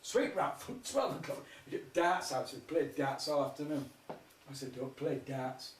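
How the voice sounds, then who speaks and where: On a music festival stage, a male comedian rambles through sweary jokes and laughs along with himself. His fairly high voice swings widely in pitch at a moderate pace, recorded from afar in a roomy hall with faint noise.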